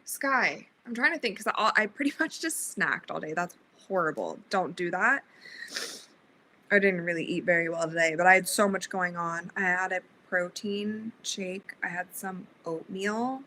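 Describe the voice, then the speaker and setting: Young woman chatting on a livestream, crisp bright voice, kinda sleepy, laughs a lot. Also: lowish voice, normal speed, slight background noise, rough recording. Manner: chatty, reads viewer comments aloud, laughs often. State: sleepy, yawning. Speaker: livestream host. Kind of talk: casual livestream chat.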